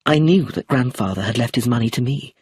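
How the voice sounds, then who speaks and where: Man doing a calm serious young woman in an audiobook, soft and firm, husky tone. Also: mid-range voice, fairly quick, dry recording, clean studio sound. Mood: fearful. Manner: quiet, steady, decided.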